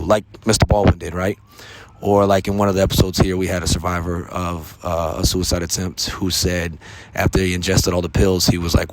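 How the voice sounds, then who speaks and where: Deep voiced american guy talking straight to listeners, earnest and loose, keeps saying man and right, little hiss behind. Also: fairly even intonation, a little fast. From United States. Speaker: podcast host. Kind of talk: casual monologue on resilience.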